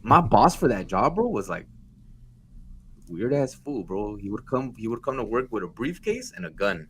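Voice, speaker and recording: A young man telling stories in casual podcast chat, swearing freely and jumping into high voices for the people he quotes. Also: very animated, moderate pace, a little hiss or hum. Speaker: podcast co-host.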